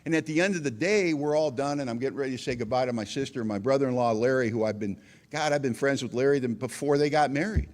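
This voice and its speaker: A man's voice: medium pitch, fast talker, darkish tone. Man, middle-aged, mid-range voice, personal recovery story, casual storytelling. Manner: conversational storytelling that acts out quoted dialogue. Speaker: recovery meeting speaker.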